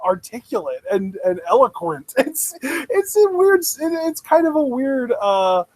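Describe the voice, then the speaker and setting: A young man with a high voice, recorded dry and close, chatting as a co-host of a wrestling review. He sounds enthusiastic, laughs often, and fills his sentences with "like" and restarts. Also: big pitch swings, a little slow, darkish tone, no room sound, poor audio. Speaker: podcast co-host. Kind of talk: casual wrestling review chat.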